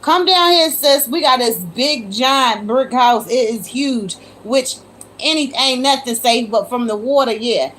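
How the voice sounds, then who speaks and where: A woman with a fairly high voice chats on a casual phone livestream, talking straight to her viewers. She keeps calling them y'all and breaks into exclamations of disbelief, with a faint hiss under her voice. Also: a little slow, a bit bright. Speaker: livestream host. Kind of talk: casual live chat with viewers.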